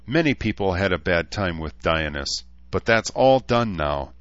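A man voicing an earnest young woman who speaks gently and reassuringly, a little flustered, on a dull lo-fi recording. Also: deep voice, expressive, unhurried, no echo.

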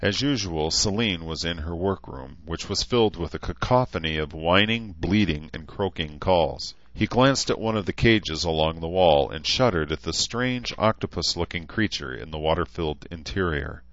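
A man reading a novel aloud as an audiobook narrator, steady and even. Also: low voice, moderate pace, few pauses, no room sound. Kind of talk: scripted narration. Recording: dull, lo-fi, dry.

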